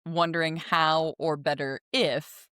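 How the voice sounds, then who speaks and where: A woman's voice: deep voice, steady tone, slow, a bit bright, clean tone, no echo, studio quality. A woman hosting a podcast, talking in a chatty, rambling way and laughing easily. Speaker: podcast host. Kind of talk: casual interview chat.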